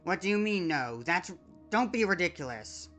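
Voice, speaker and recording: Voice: medium pitch, lively intonation, normal speed, a bit bright, natural voice. A streamer voicing a desperate female android from a video game, reading the dialogue aloud and stumbling over words, with faint game music behind. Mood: pleading, insistent. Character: desperate female android pleading, then despairing.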